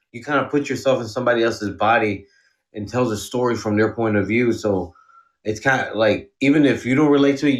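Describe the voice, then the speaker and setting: Rapper guy on a radio show, mid-pitched voice, laid back, slangy, cusses a lot. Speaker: guest rapper. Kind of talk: casual interview chat.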